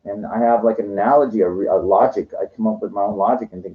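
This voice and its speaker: A man telling meandering personal stories, filled with "you know" and often trailing off quietly. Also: lowish voice, fast, narrow, tinny audio. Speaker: vlogger. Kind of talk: rambling personal storytelling. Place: lives in Los Angeles.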